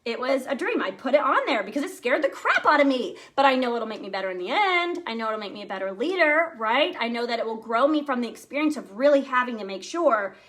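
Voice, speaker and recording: A woman sales team director giving an energetic, chatty motivational talk, speaking straight to her listeners. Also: a little high, fast talker, hardly any pauses.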